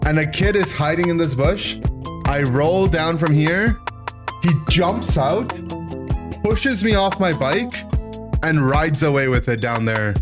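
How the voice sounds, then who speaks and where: A man in his thirties, a streamer, telling a childhood story to his chat in an animated, rambling way, full of "right?" and "like". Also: fairly high pitch, slow, music in the background. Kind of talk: casual storytelling to a live chat.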